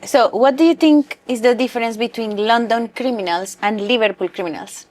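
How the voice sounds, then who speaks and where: A woman with a slightly higher voice interviews a guest. She keeps her questions brief and prompting. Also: normal speed, a little mellow. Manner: brief, prompting, laughs along.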